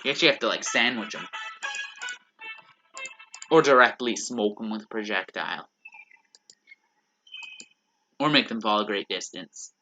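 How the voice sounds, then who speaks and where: A man's voice: lowish voice, moderate pace, pauses often, sharp tone, soft background music, poor audio. A man giving casual, joking commentary while playing a video game. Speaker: gaming YouTuber. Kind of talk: let's play commentary.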